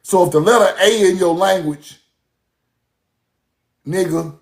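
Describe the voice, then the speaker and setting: A man's voice: high voice, measured pace, creaky, long pauses, reverberant. A man, talking casually and mockingly in a profane rant to his audience. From US South. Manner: animated, laughing, mocking, profane.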